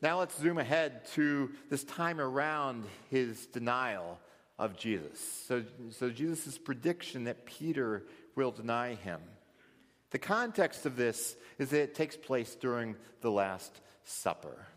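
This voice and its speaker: Lively Bible teacher man, reverberant hall. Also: medium pitch, a little slow. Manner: thoughtful, explanatory, acts out quotes.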